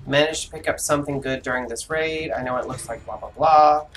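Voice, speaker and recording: Brisk and medium-pitched, a gamer streams live and keeps up a chatty, exclamatory running commentary on his own moves for viewers. Setbacks draw free swearing before he laughs off the frustration, and a bit of background noise is audible.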